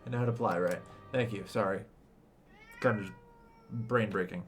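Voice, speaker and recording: A young man streaming a strategy game, ranting and swearing in loud exasperated bursts, then muttering to himself. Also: fairly low pitch, normal speed, pauses often, faint music behind. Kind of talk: casual game stream commentary.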